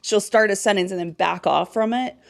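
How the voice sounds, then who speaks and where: A woman co-hosting a casual chat show, ranting fast and swearing a lot. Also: mid-range voice, creaky. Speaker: co-host.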